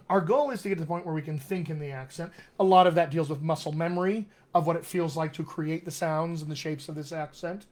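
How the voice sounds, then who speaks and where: A man teaching as a dialect coach on a live video stream, talking conversationally, often checking in with "all right?" and calling viewers his friends. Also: fairly high pitch. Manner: slows down to stress key words. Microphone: webcam or computer mic on a live video stream.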